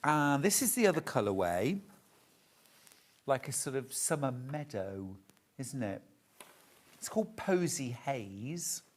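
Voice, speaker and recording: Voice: medium pitch, big pitch swings, slow pace, long pauses. A shopping channel presenter, chatting and gushing over fabrics during a live TV sale.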